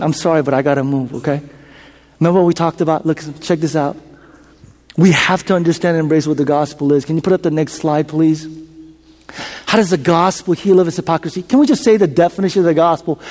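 A male pastor preaching a sermon in a church. He repeats lines, questions the congregation, and swings from loud declarations to hushed whispers. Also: high voice. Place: church sanctuary. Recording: long hall reverb.

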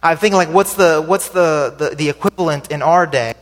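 A man's voice: on the high side, moderate pace. Man preaching conversationally in a reverberant hall. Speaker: pastor. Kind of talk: sermon. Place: church sanctuary. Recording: sermon recording with long hall reverb.

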